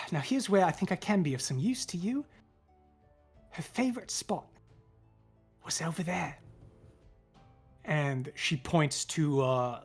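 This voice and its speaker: A woman's voice: medium pitch, breathy edge, voice pushed up. A woman voicing a chatty, fussy older woman cook who rambles and dotes on children. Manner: rambling, hesitant, doting.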